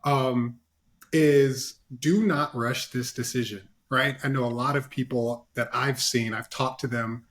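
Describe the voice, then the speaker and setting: A man's voice: medium pitch, steady tone, measured pace, a bit bright. A man speaking as a panelist in a casual discussion, giving earnest advice with lots of fillers and "right?" tag questions, over a video call.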